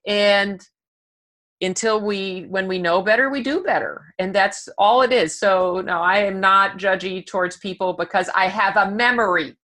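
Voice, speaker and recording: A woman's voice: mid-range voice, moderate pace, sharp tone. A woman dog trainer guesting on an interview show, speaking in an upbeat, matter-of-fact way. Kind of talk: casual interview chat.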